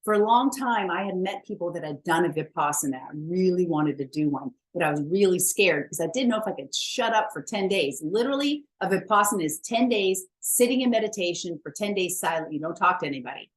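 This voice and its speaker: A woman's voice: lowish voice, expressive, a little fast, few pauses. A woman wellness coach giving a chatty, emphatic motivational talk, blunt and self-mocking, with the odd swear word.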